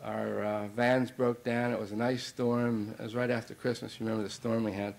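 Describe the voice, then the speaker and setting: A man's voice: lowish voice, flat delivery, a little fast, gravelly, darkish tone, poor audio. A middle-aged man, a basketball coach, telling a long anecdote in a banquet speech, with many fillers and restarts. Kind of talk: anecdotal after-dinner speech.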